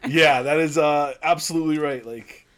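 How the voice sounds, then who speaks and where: A man hosting a casual podcast game round, upbeat and quick to laugh. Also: a little high, steady tone, fairly bright tone. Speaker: podcast host running a quiz round.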